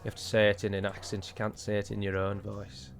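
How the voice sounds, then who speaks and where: A man's voice: lowish voice, completely flat delivery, fast talker. A man giving chatty, wry commentary while playing a strategy game, wandering into rambling asides. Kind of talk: gameplay commentary.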